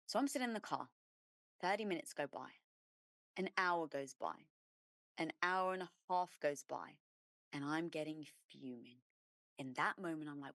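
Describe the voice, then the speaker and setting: A middle-aged entrepreneur woman, a guest on an interview show, telling her story with emphasis and lively detail. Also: deep voice, normal speed, pauses often, no echo, clean studio sound. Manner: emphatic and animated, acting out her own past thoughts.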